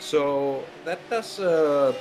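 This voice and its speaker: A man co-commentating on a sim race, explaining the action in a measured, slightly hesitant way. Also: on the high side, music in the background.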